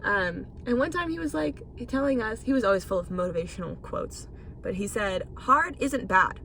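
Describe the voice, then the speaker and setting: A woman's voice: medium pitch, a little fast, vocal fry, a little hiss or hum. A young woman hosting a casual solo podcast, rambling and swearing freely as she talks. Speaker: podcast host.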